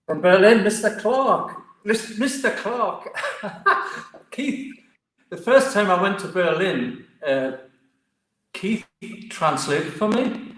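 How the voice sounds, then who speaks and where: A chatty Geordie man from Newcastle, England, speaks slowly in a high-sitting voice in an echoey room. He's a martial arts guest and a lively storyteller, sharing stories in a casual interview.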